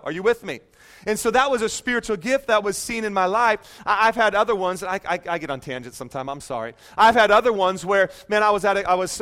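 A man preaching a sermon, telling stories in an animated, self-mocking way with joking asides. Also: high voice.

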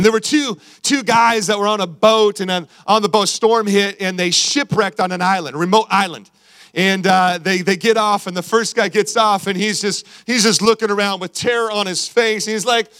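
A man with a high voice preaching a sermon. He reads scripture aloud, then presses his points home, often repeating himself and checking that his listeners are following. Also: steady tone, a little fast, fairly bright tone. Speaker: pastor.

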